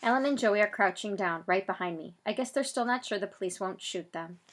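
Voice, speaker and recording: A woman reads a first-person audiobook with a bright, forceful voice. She voices each character herself and raises her voice sharply when someone shouts. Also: mid-range voice, a little fast. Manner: voices characters, loud bursts for shouted lines. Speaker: audiobook narrator.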